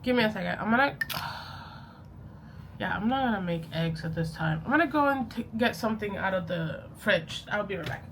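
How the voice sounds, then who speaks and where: A young woman vlogs in a casual, rambling way about journaling and a series she is watching, often correcting herself and laughing. Her mid-range voice is animated, fairly bright and at normal speed, with slight background noise.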